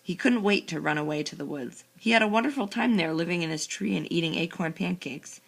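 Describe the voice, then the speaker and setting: A woman's voice: on the low side, a little fast, gravelly, slightly rough, low-quality recording. Woman reading as a patient lecturing dad. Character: gently lecturing middle-aged dad, calm and patient.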